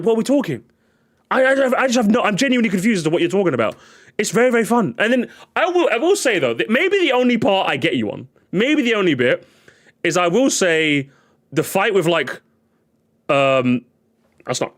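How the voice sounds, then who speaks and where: A man streaming live, ranting in a casual, excitable way and swearing often. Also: a little high. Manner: animated, excitable, swears a lot, repeats himself.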